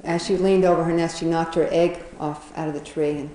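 A woman's voice: low voice, fairly even intonation, fairly quick, dark tone, reverberant, poor audio. A woman casually retelling a children's fable, chatty, often laughing, with many fillers and restarts. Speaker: storyteller.

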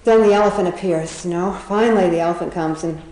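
A woman storyteller casually retells an animal fable, rambling, chuckling, and filling gaps with fillers. Her voice is low and mellow and she talks fast. The recording has a roomy, echoing space with faint noise underneath.

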